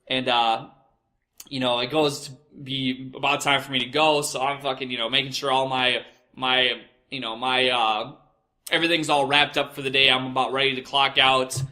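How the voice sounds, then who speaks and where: A man's voice: mid-range voice, level tone, moderate pace, sharp tone. A young man telling a crude work story, exasperated and swearing constantly. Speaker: podcast host. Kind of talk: profane storytelling rant.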